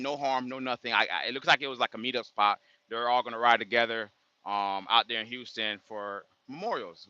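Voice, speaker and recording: A man who drives trucks tells a story on a casual livestream, with lively, emphatic retelling and acted-out quotes. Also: mid-range voice, dry recording, muffled recording. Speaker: truck driver content creator.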